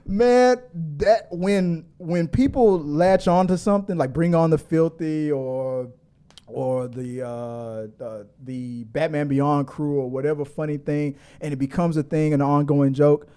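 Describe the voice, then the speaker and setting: A middle-aged man hosts a casual live stream, laughing often and animatedly reading viewer chat comments aloud. His voice is a little high and clean, and he talks a little slowly.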